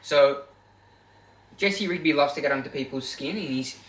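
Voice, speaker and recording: A man's voice: fairly high pitch, moderate pace, far from the mic. Man telling stories in an echoey room. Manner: animated storyteller, acts out quotes. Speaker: podcast co-host. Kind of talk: casual storytelling chat. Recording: echoey room, away from mic.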